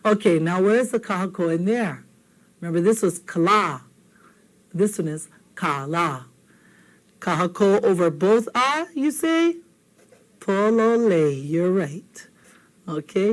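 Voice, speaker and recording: A woman with a Hawaiian accent teaching a televised language lesson, patient and playful, saying words slowly and checking in with "okay?". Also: mid-range voice, rough recording.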